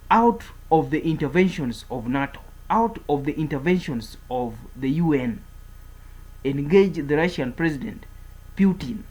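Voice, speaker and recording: A man delivers a political commentary in a husky, slightly raised voice. He speaks emphatically, repeating his points as he warns and declares. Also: fairly high pitch, low-quality recording. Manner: emphatic, repetitive, declaring and warning.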